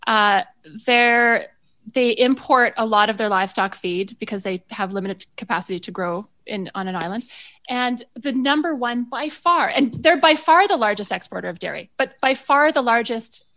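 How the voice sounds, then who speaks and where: A woman's voice: fairly high pitch, expressive, normal speed, a bit bright. A woman, a chef on a talk show, chatting casually and animatedly, laughing often. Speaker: guest chef. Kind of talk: casual radio chat.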